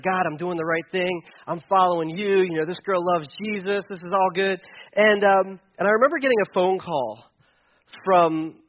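A middle-aged pastor with a voice that sits high tells a personal story in his sermon, and the sound is lo-fi. He's candid and a little self-deprecating, with lots of fillers and restarts.

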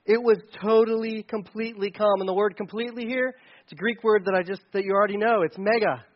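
A man preaching a sermon in a conversational, animated way, sometimes shouting for emphasis. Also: high voice, fast talker, dull audio. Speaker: pastor.

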